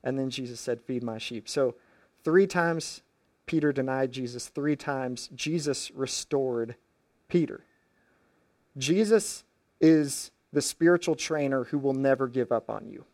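A man's voice: medium pitch, a little slow, darkish tone, dry recording. A man preaching a sermon as pastor, retelling stories in casual everyday phrasing with frequent restarts.

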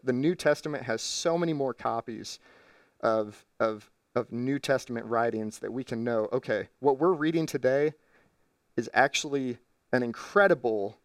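A man's voice: mid-range voice, dry recording, clean studio sound, distant mic. A man preaching a sermon from a church stage, teaching his congregation step by step in an earnest way. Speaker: pastor.

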